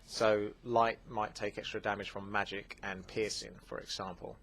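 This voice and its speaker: A man's voice: on the low side, little pitch movement, a bit bright, slight background noise. A man hosting a gaming channel, casually answering viewer questions, chatty and full of fillers. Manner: chatty, with many fillers and quick asides. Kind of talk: casual Q&A commentary.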